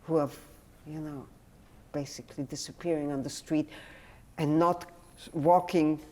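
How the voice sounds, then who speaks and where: A woman speaking the lines of a timid, uncertain praying man in a soft, wondering way. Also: sits low, fairly even intonation, a little slow, pitched below the performer's own voice.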